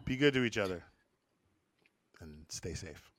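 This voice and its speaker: A man's voice: low voice, expressive, a little slow, background noise. A man hosting a casual podcast, loose and profane, wrapping up the show. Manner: loose, profane, laid-back sign-off. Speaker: host.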